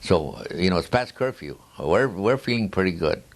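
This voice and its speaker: This nonagenarian man's voice is low and creaky, animated but at a normal speed. He rambles through war stories for an oral history, laughing at his own anecdotes, often starting sentences over and drifting into side remarks.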